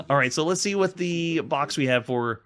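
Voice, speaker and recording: A man's voice: on the high side, a little slow, fairly bright tone. A man hosting a retro video game show, chatting casually while he plays and rates each game, often restarting his words as he goes. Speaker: host reviewing retro games. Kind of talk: casual gameplay commentary.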